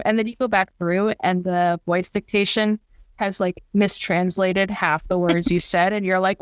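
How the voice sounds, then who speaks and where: A woman author chatting as a podcast guest, animated and acting out little quotes. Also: on the low side, normal speed, clear, resonant tone, dry recording. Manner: animated, acts out quotes in funny voices. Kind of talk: casual interview chat.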